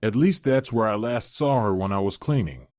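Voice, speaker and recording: A composed young wife from a storybook who needles her husband in an even, unflustered way, read by a man who lifts his voice slightly. The delivery is lively in pitch. The sound is dry and close. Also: moderate pace, dry recording, lightly acted. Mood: calm, teasing. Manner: calm and teasing. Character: calm, witty young wife.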